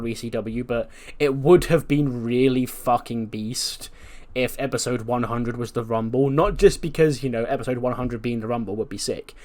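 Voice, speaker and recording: A man's voice: medium pitch, a little mellow. A man hosting a casual let's-play commentary in a laid-back way, swearing now and then. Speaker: gaming video host.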